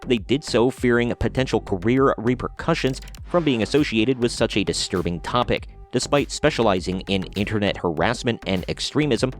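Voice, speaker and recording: A man's voice: mid-range voice, normal speed, hardly any pauses. Sarcastic male commentary host. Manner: sarcastic and blunt. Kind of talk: opinionated commentary reading news articles.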